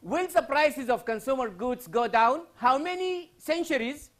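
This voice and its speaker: A man from Sudan lecturing on English grammar in a university studio. His pitch swings widely as he talks. He keeps repeating phrases and firing rhetorical questions at the class. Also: expressive, a bit bright. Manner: repetitive, rhetorical questions, drawn-out emphasis.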